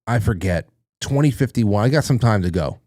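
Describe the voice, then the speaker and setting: Reading chat messages on a laid-back livestream, a male talk show host rambles with fillers and restarts. He has a fairly low, darkish voice with lively intonation at a normal speed. The studio sound is clean, with no echo.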